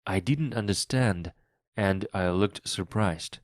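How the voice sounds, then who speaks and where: A man narrating a simplified English novel aloud for language learners in a clear, even reading. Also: sits low, slow pace, no room sound, studio quality. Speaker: English teacher reading a graded book.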